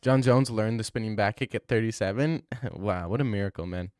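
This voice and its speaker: A man's voice: fairly low pitch, a little fast, darkish tone, clean tone, no echo, studio quality. A young man streaming, reading chat aloud and reacting in casual, slangy talk, often saying bro. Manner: laughing, slangy, says bro a lot.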